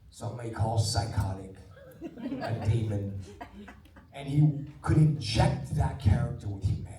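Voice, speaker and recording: A man in his sixties, an actor telling stories to a cinema audience before a screening, animated, dropping to a hush for quoted lines. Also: medium pitch, distant mic, slight background noise. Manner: animated anecdotal storyteller, drops to a hush for quotes. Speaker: actor introducing a film screening. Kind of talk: live storytelling to a cinema audience. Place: cinema auditorium. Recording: roomy theater sound from off-mic.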